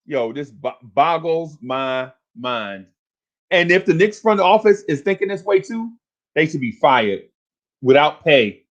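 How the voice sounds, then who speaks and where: A man hosts a sports talk livestream in a fairly high voice, ranting with exasperation. He repeats his complaints over and over and climbs into shouts. The audio is dull and lo-fi, like a home stream. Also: animated, unhurried. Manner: exasperated, repetitive, rising to shouts.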